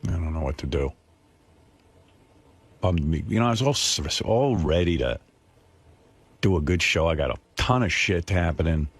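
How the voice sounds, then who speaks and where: A man's voice: sits low, expressive, normal speed, long pauses. A man hosting a radio show, rambling and exasperated as he tells a story. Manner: rambling, exasperated, self-deprecating. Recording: dry studio sound.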